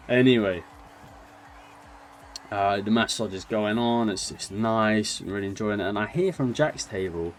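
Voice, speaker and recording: A young storyteller vlogger with a lowish, animated voice tells a funny holiday story at a moderate pace. He chats casually, laughs his way through it, and makes fun of himself, with a little hiss or hum in the background.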